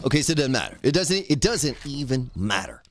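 Animated man streaming gameplay. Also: mid-range voice, brisk. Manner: talks to himself while crafting, thanks viewers, swears casually. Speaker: game streamer. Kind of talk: live gameplay commentary.

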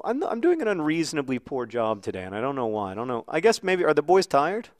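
A man in his thirties hosting a video, talking casually and haltingly with many fillers and restarts while playing a football game, now and then breaking into excited outcries. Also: a little high, dry recording, clean studio sound. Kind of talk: casual talk over gameplay.

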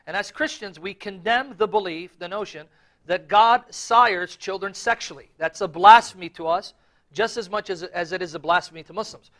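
A man giving earnest, emphatic religious debate commentary, often clearing his throat. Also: high voice, normal speed, a bit bright.

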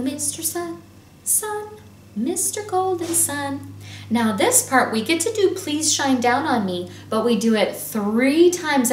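Cheerful high-voiced music teacher woman. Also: slight background noise. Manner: upbeat, encouraging, talks to young children. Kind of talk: children's music lesson with singing.

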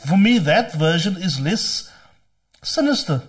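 A man's voice: high-pitched, lively intonation, measured pace, slightly rough. A man joining a podcast chat, tentative and searching for his words. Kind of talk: casual conversation.

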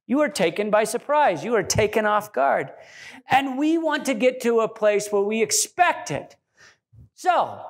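A man pastor delivering a sermon in a church, animated and joking, acting out quotes. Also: very high voice. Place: church sanctuary.

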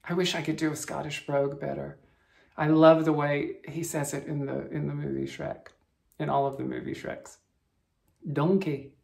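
A woman's voice: low voice, flat delivery, normal speed, gravelly. A woman hosting a cross-stitch vlog from her bedroom, chatting in a friendly, rambling way to her viewers. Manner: friendly, chatty, with frequent restarts and soft laughs. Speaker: cross-stitch vlogger host. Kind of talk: casual chat to viewers. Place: bedroom at home.

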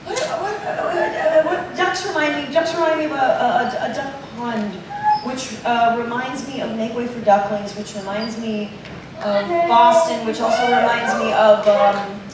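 A woman's voice: on the high side, fairly even intonation, measured pace. A woman doing a rambling, profane live comedy monologue in front of an audience. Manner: rambling, self-interrupting, profane. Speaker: improv monologist. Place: cruise ship show lounge, live audience. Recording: echoey and distant, crowd noise.

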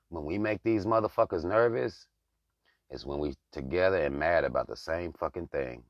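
A man's voice: low-pitched, moderate pace, gravelly, dry recording, highs cut off. A man hosting his own channel, giving blunt, profane, heated political commentary in a casual rant. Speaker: channel host.

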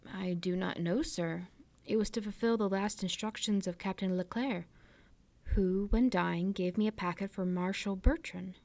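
A woman's voice: mid-range voice, normal speed, a little mellow, no echo, close to an everyday voice. A woman reading aloud, voicing an earnest young male ship's mate with a respectful, plainspoken manner.

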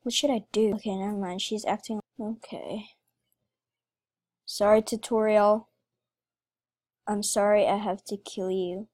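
This woman makes gaming videos and speaks with feeling to her audience while she plays through a game. She has a mid-range, darkish voice that stays steady, moving at a slow pace with frequent pauses.

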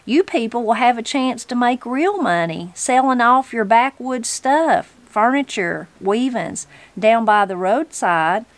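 A woman's voice: on the high side, expressive, a little slow, few pauses, dry recording. Woman reading as a polite young surveyor. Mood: earnest. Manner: polite, earnest.

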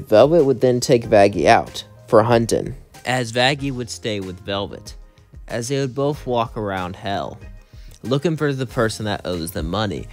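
A man's voice: mid-range voice, darkish tone. A man narrating a fan story read-aloud, rambling along and chaining events with "as". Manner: rambling, linking lines with "as".

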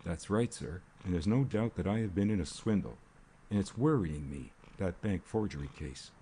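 A man voicing a nervous, uneasy chauffeur in an audiobook, speaking haltingly and doggedly. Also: sits low, animated, dark tone, slight background noise. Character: nervous working-class male chauffeur. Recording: faint rain ambience behind.

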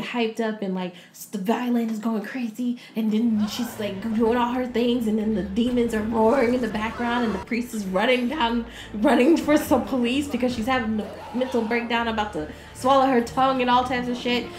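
A woman's voice: fairly high pitch, fairly even intonation, moderate pace, few pauses, a little mellow, reverberant. A woman co-hosting a casual podcast, animatedly recapping a movie, laughing often and acting out the characters. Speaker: podcast co-host.

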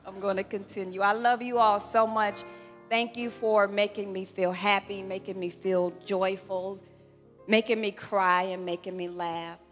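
Pastor woman, 60s, warm storytelling thank-you speech; long hall reverb, soft music under. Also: mid-range voice, level tone, unhurried. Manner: warm storytelling with laughter, acting out dialogue. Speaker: pastor celebrating her birthday. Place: church hall event.

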